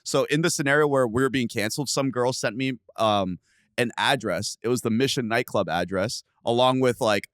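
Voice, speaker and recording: A young man hosting a podcast, casually telling a story with lots of profanity and sudden loud outbursts. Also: lowish voice, brisk, no room sound, studio quality. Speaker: podcast host.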